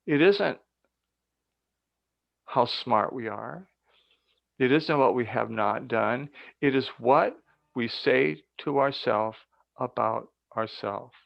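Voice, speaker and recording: A man's voice: mid-range voice, slow pace, creaky, no echo. An older man speaking as a guest speaker, giving an earnest, emphatic motivational talk with stories over a video call. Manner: earnest, emphatic and building up to points. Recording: dull lo-fi dry audio.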